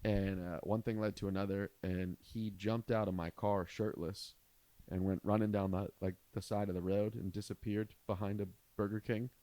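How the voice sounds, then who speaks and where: Low-voiced comedian telling a rambling story. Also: male voice, normal speed, dry recording. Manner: rambling, animated storyteller who acts out quotes. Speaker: comedian podcast host. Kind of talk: casual storytelling chat.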